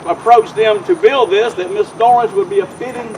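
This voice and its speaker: A man's voice: sits high, fairly even intonation, moderate pace, noisy background. A man speaking as mayor at an outdoor park dedication, telling a folksy, rambling story and often restarting his sentences. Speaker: mayor giving a dedication speech. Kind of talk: informal public speech.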